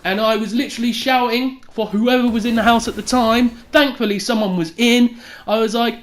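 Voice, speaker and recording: Young woman, higher-pitched, sweary comic storyteller who acts out quotes loudly. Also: fairly even intonation, a little fast. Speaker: vlogger.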